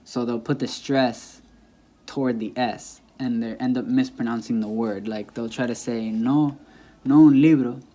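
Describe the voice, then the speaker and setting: A man explaining a language lesson in a casual, patient way, repeating words slowly and checking in with the listener. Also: mid-range voice, flat delivery, a little mellow. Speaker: Spanish teacher.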